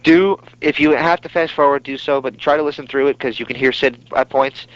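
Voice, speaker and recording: A man's voice: mid-range voice, brisk, no room sound. A man with a New York accent, co-hosting a casual wrestling podcast and joking with his partner. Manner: joking, teasing. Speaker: podcast co-host. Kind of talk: casual chat. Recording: dry, muffled lo-fi audio.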